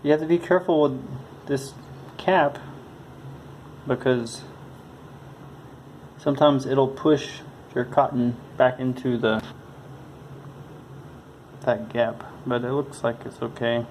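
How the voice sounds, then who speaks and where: A man giving a casual hands-on tutorial, talking in a halting, mumbling way as he works, recorded on a phone. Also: mid-range voice, steady tone, darkish tone. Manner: mumbling, halting, thinking aloud. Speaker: tutorial presenter. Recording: faint background noise from phone recording.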